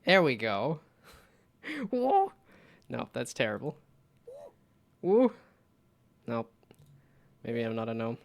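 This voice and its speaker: A man chatting casually on a live stream while building a game, rambling and self-mocking, with frequent laughter and silly high whoops. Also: lively intonation, a little slow, vocal fry, pauses often, a bit bright.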